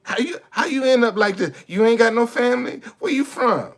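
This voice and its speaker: High-voiced man, ranting bluntly and repetitively on a livestream. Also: animated, a little fast. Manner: preachy, repetitive, blunt with cursing. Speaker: livestream host. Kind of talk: casual livestream monologue.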